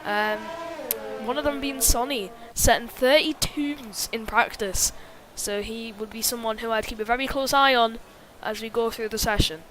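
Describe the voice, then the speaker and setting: Female sim-racing commentator, somewhat high-pitched, casual and filler-heavy. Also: normal speed, noisy background. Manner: chatty, many fillers, reads chat. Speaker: race commentator.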